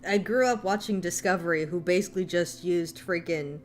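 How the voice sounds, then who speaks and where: A woman's voice: lowish voice, brisk, slight background noise. A young woman with an American accent, chatting casually and self-deprecatingly while she draws on a stream, sometimes talking through a mouthful of food. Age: young adult. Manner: talks while eating. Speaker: artist streaming while drawing. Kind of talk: casual chat.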